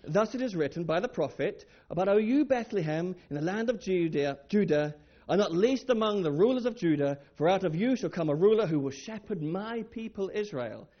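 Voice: mid-range voice, normal speed, muffled recording. A speaker giving a children's talk in church, telling a Bible story and asking the children questions. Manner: lively, asks the children questions. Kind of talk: children's sermon.

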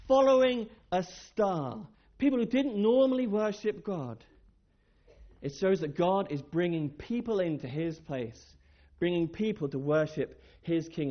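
A church speaker tells a Bible story to children with a lively, swooping delivery, stopping often to put questions to them. The recording sounds dull and lo-fi. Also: medium pitch. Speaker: children's talk leader. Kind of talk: children's sermon.

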